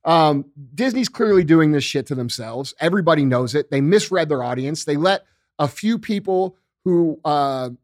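A man's voice: on the high side, lively intonation, normal speed, no room sound, clean studio sound. A middle-aged man hosting a casual political chat, loose and profane, calling people dude and bro.

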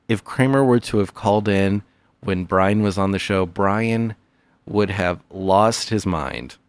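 Deep-voiced playful comedy podcast host. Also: male voice, no room sound. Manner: mock-earnest, playful, stammering. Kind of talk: comedy podcast with call-ins.

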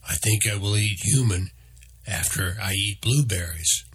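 A man voicing a huge, hungry male black bear who speaks in short, flat, declarative sentences in a deep voice. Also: unhurried, husky, heavily acted. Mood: blunt.

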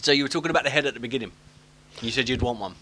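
A man's voice: mid-range voice, very fast, pushed and bright. A man chatting casually about a film, asking questions and often restarting his sentences. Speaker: podcast co-host.

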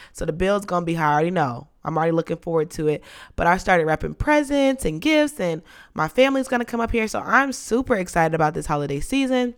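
A young woman hosting a podcast in casual chat, playful and dramatic, her voice lowered and rough from being sick. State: sick, voice deeper than usual. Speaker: podcast host.

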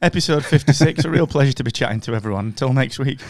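Man, podcast host, casual chat, jokey, mid pitch, dry close sound. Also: very fast, no echo.

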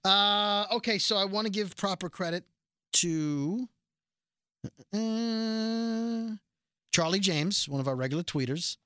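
A man's voice: sits high, animated, a little slow, pauses often, pushed and bright, clear, resonant tone, dry recording, clean studio sound. A man hosting a podcast, chatting casually in a rambling, self-correcting storytelling way. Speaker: podcast host. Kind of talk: casual chat.

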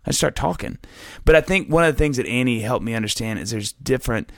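A man in casual conversation, telling lively stories and acting out the voices of the people in them. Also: mid-range voice, quick pace, vocal fry, no echo, clean studio sound. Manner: animated storyteller, acts out quoted voices.

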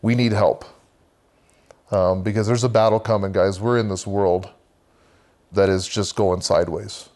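A man's voice: fairly low pitch, steady tone, measured pace, long pauses, a little mellow. A man, guest on a podcast, earnestly telling a vivid personal faith story and talking about leading a men's church group.

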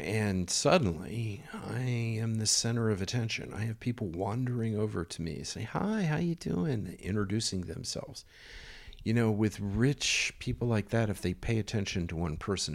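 Gravelly low-voiced man telling a story. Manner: rambling, filler-heavy storytelling with quoted dialogue. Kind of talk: casual anecdote.

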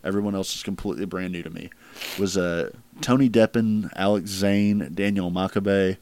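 A man's voice: low-pitched, fairly even intonation, moderate pace, a little mellow. A man hosting a casual podcast chat, rambling with lots of fillers. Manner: rambling, filler-heavy, laughs at crude jokes. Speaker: podcast host ranking wrestling matches.

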